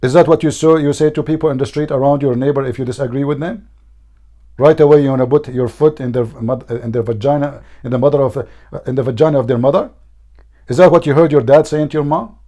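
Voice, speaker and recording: A hoarse man hosting a heated online debate, pressing his questions again and again in a mocking, insistent way. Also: medium pitch, fast talker, warm tone. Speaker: debate host.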